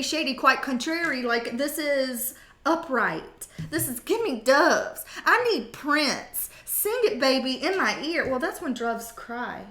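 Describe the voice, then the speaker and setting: A woman with a slightly high voice gives a casual tarot reading. She is blunt and sassy and swears playfully. Her voice carries a roomy echo. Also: fairly bright tone. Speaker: tarot reader.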